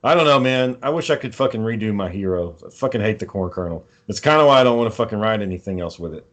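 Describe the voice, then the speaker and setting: A man's voice: lowish voice, lively intonation, quick pace, fairly bright tone. A man hosting a podcast, telling long, profane, rambling stories in casual chat. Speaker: podcast host.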